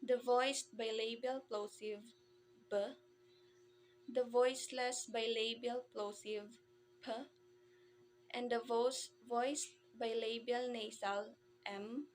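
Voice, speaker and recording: Slow, careful woman reading a lesson. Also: fairly high pitch, flat delivery, a little hiss or hum, poor audio. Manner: careful, deliberate, spells out each sound. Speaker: presenter explaining Romanian phonetics. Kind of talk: slow read-aloud lesson.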